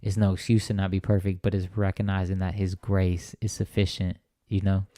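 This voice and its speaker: A man's voice: deep voice, monotone, brisk, warm tone, a little hiss or hum. A young man telling a personal faith story as an interview guest, earnest and rambling, often checking in with "right?". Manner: earnest, rambling with many restarts and "right?" tags. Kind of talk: conversational testimony.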